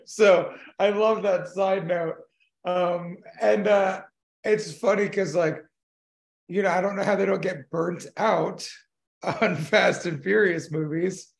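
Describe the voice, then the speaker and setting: Laid-back male podcast co-host with a high, gravelly voice. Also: steady tone, takes it slowly. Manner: laid-back, rambling, swears casually, laughs often. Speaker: podcast co-host, tattoo artist. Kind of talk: casual chat.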